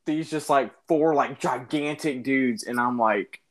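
A man telling a funny personal story in casual chat, animated and often laughing, calling the listener dude. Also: mid-range voice, unhurried.

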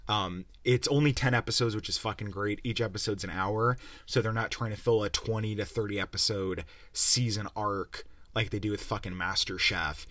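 A man's voice: on the low side, fairly even intonation, normal speed, hardly any pauses, pushed and bright, no room sound. A young man hosting a podcast, rambling and sarcastic as he swears his way through a casual review. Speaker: podcast host. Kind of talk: casual rant-style review.

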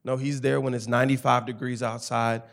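A man in his thirties from Tennessee, a campus ministry director and chaplain, telling his personal testimony in conversation with emphatic, animated storytelling. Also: mid-range voice, fairly quick, vocal fry.

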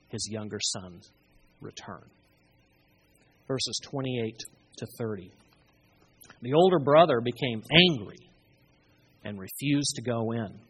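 Slow, expressive, husky-voiced preacher. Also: medium pitch. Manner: expressive, emphatic storytelling with dramatic pauses. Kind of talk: sermon.

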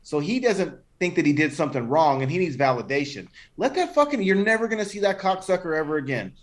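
A man's voice: on the high side, sing-song, quick pace. A man co-hosting a podcast, talking bluntly with heavy slang and swearing in casual chat. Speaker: podcast co-host.

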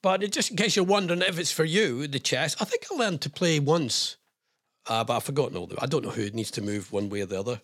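A man's voice: on the high side, expressive, quick pace, fairly bright tone. A man, a radio presenter reading out news items in casual chat, rambling with jokey asides.

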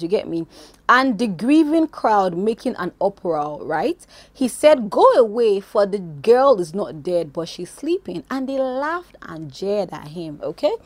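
A woman preaching an informal devotional talk, animated and swinging between loud exclamations and quiet asides, recorded on a phone. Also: mid-range voice, dry recording.

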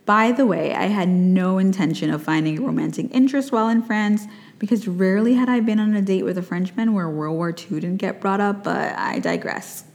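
A woman's voice: mid-range voice, a little fast, darkish tone, in a large hall. A woman from the United States who hosts a podcast, reading her own personal essay aloud with reflective, wry asides. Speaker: podcast host.

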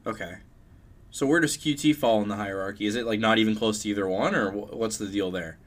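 A man's voice: lowish voice, fast. A young man co-hosting a podcast in casual chat, with dry, teasing remarks. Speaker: podcast co-host.

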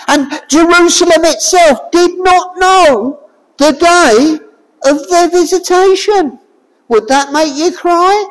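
Lady preacher, slow and deliberate, long echo like a church hall. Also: sits high. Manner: expressive, rhetorical questions to the congregation. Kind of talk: sermon.

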